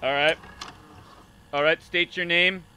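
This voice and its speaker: A man's voice: a little high, fairly even intonation, sharp tone, smooth. A man hosting a game play-through, joking as a mock casting director. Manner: slow, mock-official casting director bit. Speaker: gaming channel host.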